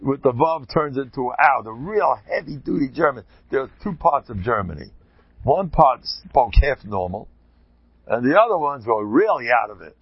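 A man, a rabbi, giving an informal talk to a group, an animated, joking storyteller who sprinkles in Yiddish and Hebrew terms. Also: medium pitch, moderate pace, husky, no room sound, highs cut off.

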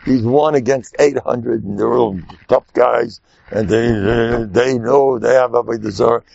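A man's voice: medium pitch, steady tone, measured pace, gravelly, darkish tone, no room sound. A man giving an informal, joking religious talk full of personal stories and Yiddish and Hebrew terms, in a dull lo-fi recording. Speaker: religious speaker.

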